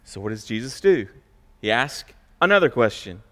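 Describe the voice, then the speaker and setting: A man preaching a sermon in a church, stressing key words loudly and dropping to quiet asides. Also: sing-song, normal speed, in a large hall. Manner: emphatic, swings between loud high stresses and quiet low asides. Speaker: pastor. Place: church sanctuary.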